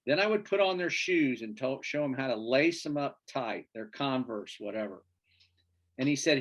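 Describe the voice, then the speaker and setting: A man's voice: medium pitch, animated, moderate pace. A man co-hosting a casual sports chat show, rambling through stories and searching for names with fillers. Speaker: podcast co-host.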